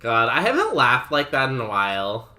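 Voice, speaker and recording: Chatty young man with a bright voice. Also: medium pitch, wildly swooping pitch, moderate pace, faint music behind. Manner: laughs often, chatty, says "like" a lot. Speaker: streamer. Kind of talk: casual chat while playing a game.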